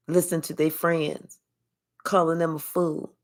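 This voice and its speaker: A woman's voice: low voice, flat delivery, unhurried. A woman giving a spiritual reading as a blunt, sassy storytelling monologue full of slang. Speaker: spiritual reader.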